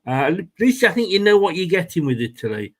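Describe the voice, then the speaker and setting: A man's voice: sits high, sing-song, fast talker. A man hosting a casual live-stream chat, rambling and self-deprecating with asides and restarts. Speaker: watchalong host. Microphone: new desk microphone.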